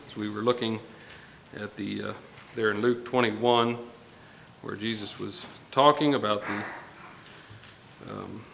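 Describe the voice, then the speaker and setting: A pastor delivers his morning sermon at an easy pace, stopping now and then with an "um" or "uh." His low voice has a bright edge. It rings out in a church sanctuary with a long tail of reverb and a faint hum of room noise. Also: vocal fry. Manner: unhurried, pausing with fillers, reading scripture aloud.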